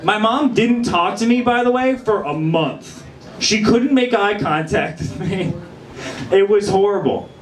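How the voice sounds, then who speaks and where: In a small bar with a live audience, a young comedian works through a meandering set poking fun at himself. He speaks high-pitched, expressive and unhurried, over echo and crowd noise.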